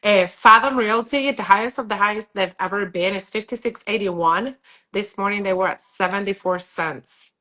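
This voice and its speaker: A woman's voice: medium pitch, steady tone, moderate pace, sharp tone. A woman with a stuffy nose from a cold, chatting casually as host of a live stream about real estate, upbeat and full of fillers.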